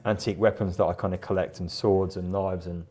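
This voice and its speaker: A man's voice: sits low, level tone, brisk, a little mellow, breathy edge. A middle-aged man, a guest artist in a live interview, talking in a rambling, chatty way with frequent laughs and repeated words. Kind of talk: casual interview chat.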